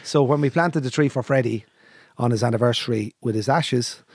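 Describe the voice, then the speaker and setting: An Irish man, a podcast co-host, chatting playfully and reading a poem out slowly and deliberately. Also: medium pitch, husky, no room sound, clean studio sound. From Ireland. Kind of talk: casual chat.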